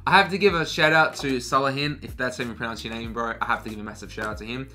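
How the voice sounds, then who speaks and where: Very bright-voiced young guy vlogging. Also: medium pitch, fairly even intonation, quick pace, soft background music. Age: young adult. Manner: loose and chatty, swears freely, says "dude" and "bro"; talks while eating cereal. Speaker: fashion vlogger. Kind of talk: casual Q&A vlog. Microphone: camera mic.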